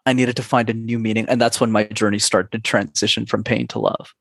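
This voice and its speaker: A man's voice: fairly low pitch, flat delivery, vocal fry, no echo. Earnest man telling his story, dry sound. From Canada. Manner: earnest, slows down for emphasis. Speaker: podcast guest. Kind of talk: reflective interview storytelling.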